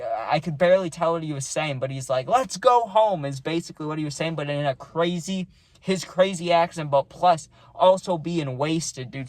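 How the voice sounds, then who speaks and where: A man's voice: a little high, no room sound. A young man casually telling a rambling party story, full of slang and saying "dude" a lot.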